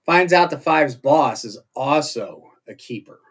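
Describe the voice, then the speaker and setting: A man's voice: medium pitch, expressive, a little slow, husky. A man casually recapping TV episodes as a show host, chatty and rambling with jokey asides. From not British.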